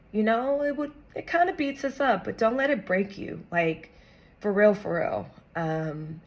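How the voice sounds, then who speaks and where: Young woman vlogger, earnest and encouraging, casual slang, voice a bit low. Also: vocal fry. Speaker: vlogger sharing a personal story. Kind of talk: heartfelt talk to camera.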